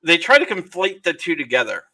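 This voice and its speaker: A man's voice: on the high side, big pitch swings, a little fast, bright, forceful tone. A man as a guest in a casual political chat, hesitant and trailing off, laughing along.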